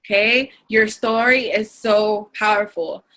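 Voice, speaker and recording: A young woman talks over a video call with a bright voice at a middle pitch. She encourages her listeners earnestly and works from notes. She sometimes pauses to search for the right word. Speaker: co-host of a team video call. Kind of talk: motivational talk from notes.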